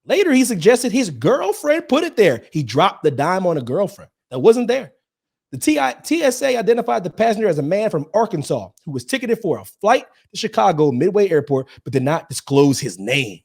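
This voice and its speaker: A man co-hosting a comedy podcast, his pitch jumping all over as he teases his partner. His voice sits a bit high, and he breaks into laughter often. The talk is loose and playful. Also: fairly quick, vocal fry, breathy edge. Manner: animated, teasing, laughs a lot. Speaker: podcast co-host. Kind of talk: casual comedic chat.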